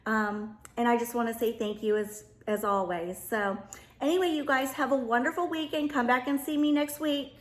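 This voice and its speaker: A woman's voice: a little high, steady tone, normal speed, reverberant. A middle-aged woman vlogging casually to her viewers, gushing and emotional, often calling them "you guys.". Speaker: home decor vlogger. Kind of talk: casual chat to camera.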